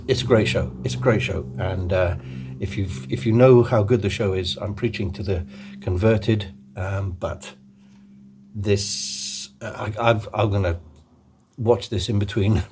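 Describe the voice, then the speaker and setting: A man's voice: on the low side, a little mellow, slightly rough. A man hosting his own channel, chatting casually and enthusiastically, rambling with many ums and restarts. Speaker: channel host. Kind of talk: casual chat.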